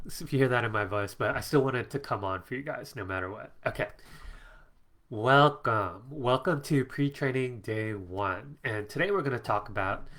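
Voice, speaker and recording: A man's voice: lowish voice, a bit bright. A middle-aged man, congested from allergies, hosting a live stream from his home office and chatting casually as he reads out viewer comments, laughing often.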